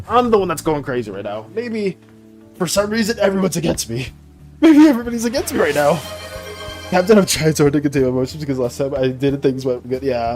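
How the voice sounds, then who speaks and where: Man streaming with high lively chatter. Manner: dramatic, playful, laughs often. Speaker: art streamer. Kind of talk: casual live-stream chat.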